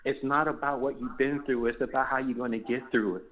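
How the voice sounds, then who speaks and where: A man's voice: mid-range voice, fairly even intonation, a little fast. A man calling in to a talk show, speaking earnestly in a preachy, religious way. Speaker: caller. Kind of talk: phone-in comments. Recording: tinny phone line.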